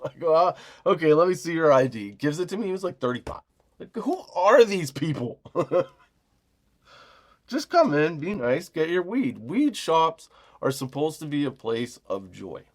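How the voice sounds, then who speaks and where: A man in his forties hosting a comedy podcast, telling a rambling, profane story about a job, laughing often and mimicking the people in it. He says he is high while talking. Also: big pitch swings, unhurried, slightly rough. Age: 40s. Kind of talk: casual storytelling rant.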